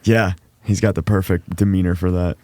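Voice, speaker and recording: Deep-voiced man hosting a podcast. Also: fairly even intonation, brisk, dark tone, no echo. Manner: brief, supportive reactions. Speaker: podcast host. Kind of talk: casual chat.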